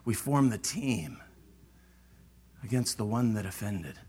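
A middle-aged man preaching a sermon, animated and acting out the voices of churchgoers. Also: fairly low pitch, slow, breathy edge.

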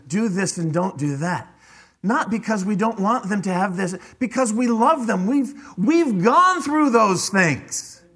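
A man's voice: high-pitched, fairly bright tone, husky. A man preaching a sermon as a pastor, emphatic and often repeating words as he drives a point home. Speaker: father.

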